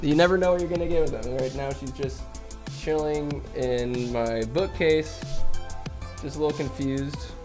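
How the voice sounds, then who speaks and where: A young man from Northern California telling rambling, chatty cat stories at home, swearing and laughing along the way. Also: a little high. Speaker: vlogger. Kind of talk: casual rambling storytelling. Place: home room with a bookcase.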